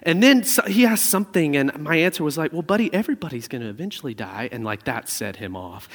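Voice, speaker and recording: A man in his thirties preaching a sermon in a conversational way, telling stories with animated asides. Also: on the high side, fast, few pauses. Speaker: pastor. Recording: reverberant hall sound.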